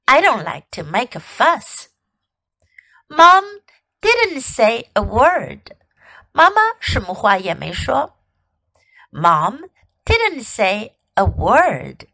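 A woman teaching young children English through a story, in an animated, sing-song, coaxing way. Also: fairly high pitch, slow, gravelly, no room sound. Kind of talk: bilingual children's story lesson.

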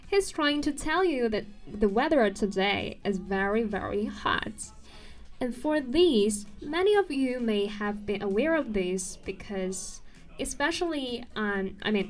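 Female explainer narrator, earnest and slightly halting, higher register, light music bed. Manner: earnest, occasionally stumbles and corrects herself. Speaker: video presenter.

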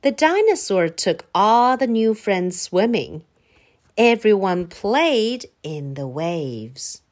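A woman reads a children's story aloud, taking her time. Her voice swoops up and down in a lively, sing-song way. She sounds expressive, gentle and unhurried. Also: medium pitch.

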